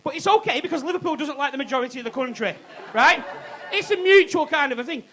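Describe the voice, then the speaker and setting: A man's voice: extremely high pitch, expressive, fast, fairly bright tone, some chatter behind, low-quality recording. A man doing a cheeky stand-up comedy routine on a comedy club stage, swearing and laughing at his own jokes.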